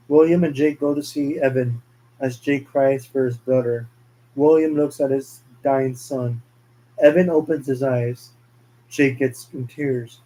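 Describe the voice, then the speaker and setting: Male narrator, plain scene-by-scene fan story reading, dark mellow tone. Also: medium pitch, steady tone, measured pace, poor audio. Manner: plain reading of scene directions, occasional slips.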